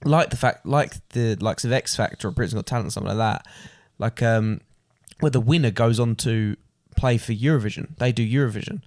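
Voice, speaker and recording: Young man, son co-host, mid-pitched, dry close mic, teasing and quick to chip in. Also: a little mellow, no room sound. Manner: joking, teasing, quick interjections. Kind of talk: casual chat.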